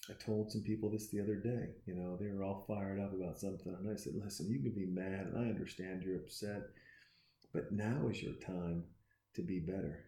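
A man from Texas talking in a casual, profane, rambling monologue, preachy and excitable, often restarting his sentences. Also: deep voice, fairly quick, roomy sound. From Austin, Texas. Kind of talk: casual rambling monologue while watching a movie.

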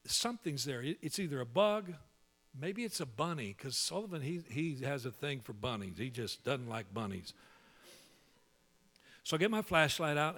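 A male pastor telling a humorous story in a sermon, animated and full of quick restarts. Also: on the high side, vocal fry.

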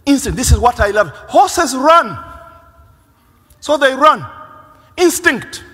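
A man preaching a sermon as pastor, animated, acting out the voices of people he quotes. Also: extremely high pitch, slow. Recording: long reverb of a large hall.

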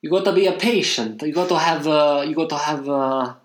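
An Englishman doing a put-on Italian accent for a patient, kindly Italian man who speaks halting English. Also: on the high side, pitched above the performer's own voice, close to an everyday voice. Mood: coaxing. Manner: slow, halting, repeats himself, gentle insistence. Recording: roomy echo.

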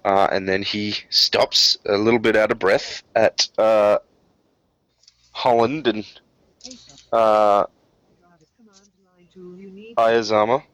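Slow-talking game master. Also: male voice, lowish voice, level tone, fairly bright tone, dry recording. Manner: loose, hesitant with fillers, casual swearing. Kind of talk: narrating a tabletop game.

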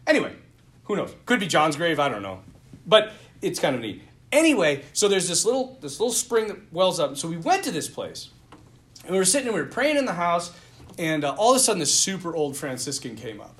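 A man giving a Lenten talk, an animated storyteller with casual, filler-heavy speech. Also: fairly high pitch, brisk. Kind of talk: storytelling talk ending in prayer.

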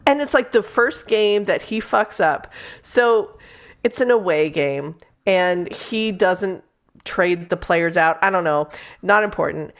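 A woman's voice: lowish voice, slow pace. A woman co-hosting a podcast, chatting casually about a book she disliked, swearing freely and acting out the characters' lines. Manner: animated, profane, acts out characters' lines. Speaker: podcast co-host. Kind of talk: casual book review chat.

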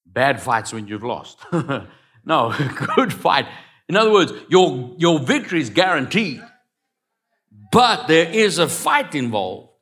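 A man preaching a sermon, swinging between loud declarations and quiet asides. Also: on the high side, very animated, takes it slowly. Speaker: pastor.

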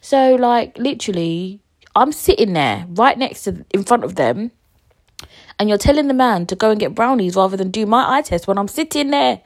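A woman's voice: mid-range voice, normal speed. A woman, a podcast host telling a story in casual, slangy talk and acting out what people said. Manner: animated, slangy, acts out conversations.

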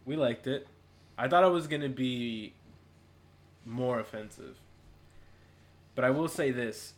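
A young man co-hosting a casual podcast, relaxed and slangy and quick to laugh. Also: medium pitch. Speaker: podcast co-host.

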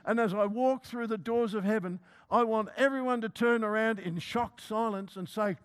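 A man's voice: high voice, moderate pace, few pauses, clean tone. A man, preaching a sermon as a humorous, self-mocking personal story.

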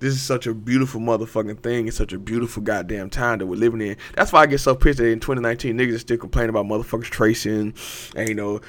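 A man's voice: fairly low pitch, fairly even intonation, quick pace, fairly bright tone. Hyped, profane man in a rambling pep talk. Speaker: podcast host. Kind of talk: casual motivational monologue.

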